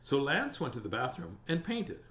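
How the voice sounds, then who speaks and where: Animated man reading a storybook. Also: mid-range voice, moderate pace, slight background noise. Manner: animated, chatty, greets viewers. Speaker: storytime host. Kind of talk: reading a picture book aloud. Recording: roomy echo.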